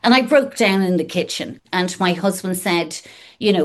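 A woman's voice: lowish voice, animated, normal speed. Frank, emphatic woman. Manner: emphatic, frank, swears casually, lists in rhythmic runs. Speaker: guest in recovery. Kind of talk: candid conversational chat.

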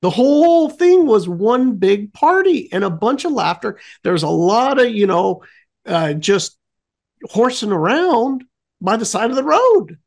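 Gravelly, lively man telling a story. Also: extremely high pitch, a little slow. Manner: rambling, many fillers and restarts; animated when telling the fun parts. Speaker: radio show guest. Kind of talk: casual storytelling.

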